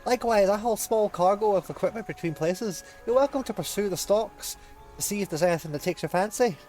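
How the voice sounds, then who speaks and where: A man's voice: sits high, a little fast, darkish tone, faint music behind, voice pushed up, lightly acted. A man voicing a cheery traveling merchant in a video game, hearty and boisterous.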